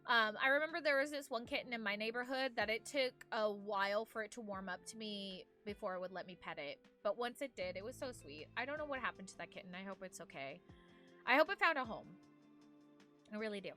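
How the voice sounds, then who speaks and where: A woman's voice: mid-range voice, animated, brisk, sharp tone. A young woman streaming from home, chatting casually and rambling as she reads viewer messages aloud, with faint music behind her. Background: faint background music.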